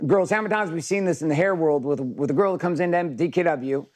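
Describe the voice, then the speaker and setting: A man's voice: fairly high pitch, quick pace, a little mellow. A middle-aged man coaching a live virtual workshop, talking casually, with profanity and stories.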